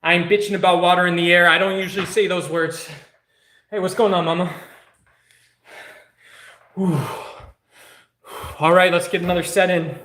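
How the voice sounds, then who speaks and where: High-voiced hyped workout streamer man. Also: little pitch movement, normal speed, pauses often, sharp tone, reverberant. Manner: hyped, joking, profane coaching chatter; soothing exercise cues. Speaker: fitness streamer. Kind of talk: casual live workout chat.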